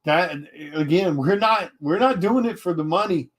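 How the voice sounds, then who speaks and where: A man, an indie comic artist, talks bluntly to his viewers in a casual livestream. His voice sits a bit higher than most men's. He swears freely and stumbles over restarts as he presses his point. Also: moderate pace. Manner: blunt, profane, animated, many restarts.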